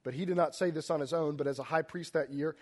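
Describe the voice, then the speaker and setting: High-voiced man preaching a dynamic sermon. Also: fairly even intonation, fast. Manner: dynamic, swings between hushed and loud; reads scripture aloud, explaining as he goes.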